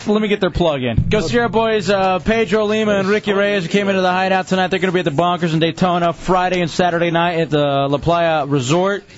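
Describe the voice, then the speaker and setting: A man's voice: high-pitched, fast, hardly any pauses. A male radio host with a blunt, exasperated manner who bickers with his co-hosts and rattles off show promos. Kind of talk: radio talk show banter and plugs. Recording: dull lo-fi radio broadcast with faint music.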